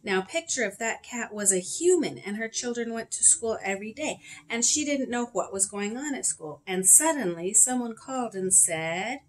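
A woman's voice: a little high, animated, normal speed, slight background noise, natural voice. A woman reading aloud as a confident, bossy schoolgirl who is telling a story to her class. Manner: bossy, matter-of-fact.

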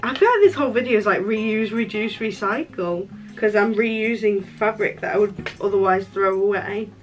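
Young woman rambling casually for her vlog, mid-pitched voice, jokey self-mocking asides. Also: moderate pace, soft background music, rough recording. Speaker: crafting vlogger.

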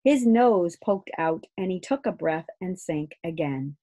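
A woman reading a children's book aloud, lively and expressive, jumping to loud high shouts for the characters. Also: a little slow. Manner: lively, raising her voice high for shouts and bird cries. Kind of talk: read-aloud storytelling.

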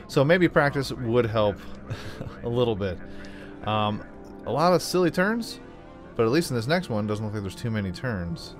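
A man's voice: mid-range voice, expressive, moderate pace, faint music behind. Joking let's-play man, talking back to the game. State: has the hiccups. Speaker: gaming channel host. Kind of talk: casual let's-play commentary.

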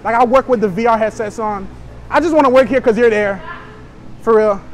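High-voiced brash young man pranking. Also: a little fast, slight background noise. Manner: brash, joking, provocative. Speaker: prank vlogger. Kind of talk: public prank chatter. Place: inside a store.

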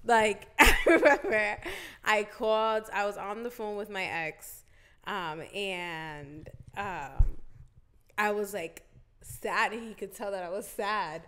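A woman's voice: medium pitch, slow, sharp tone, clean tone. A young woman guest on a casual podcast, laughing often while telling stories and dropping Dominican slang. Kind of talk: casual chat.

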